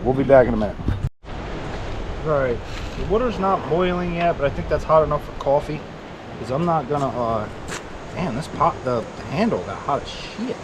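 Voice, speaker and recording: A man's voice: fairly high pitch, lively intonation, normal speed, long pauses, noisy background. A man talking casually to his camera outdoors by his truck, rambling with lots of fillers as he tells a story. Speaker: volunteer vlogger.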